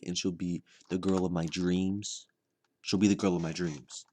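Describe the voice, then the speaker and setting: A man doing a rambling deadpan comedy monologue, halting and repeating his words with lots of fillers. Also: deep voice. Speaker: comedy vlogger.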